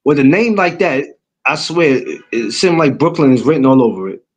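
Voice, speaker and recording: A man with a New York accent talks in an easy, slangy way, looping back with asides as he tells stories. His voice sits a little high for a man. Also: expressive, normal speed. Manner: laid-back street slang, storytelling with repeated asides. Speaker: guest. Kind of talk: casual chat.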